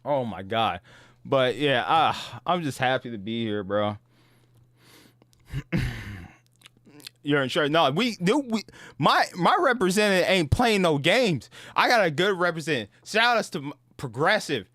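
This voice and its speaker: Casual host, male, fairly high voice, dry close sound, swears a lot and acts out sounds. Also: animated, a little slow, long pauses, fairly bright tone, no echo. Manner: slangy and profane, peppered with "bro" and "dude". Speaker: gaming channel host. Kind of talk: casual storytelling to camera.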